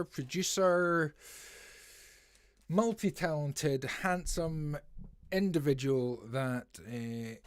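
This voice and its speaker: A man's voice: mid-range voice, dry recording. A man hosting a music review livestream in a rambling, jokey way, full of "eh" fillers. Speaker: podcast host reviewing songs. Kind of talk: casual livestream chat.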